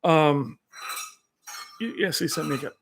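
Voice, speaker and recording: A man hosting a casual live stream from home, reading viewer comments aloud and talking in a rambling, excitable way. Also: a little high, unhurried, gravelly, a little hiss or hum. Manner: rambling, excitable, with frequent fillers. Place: at home with his cat.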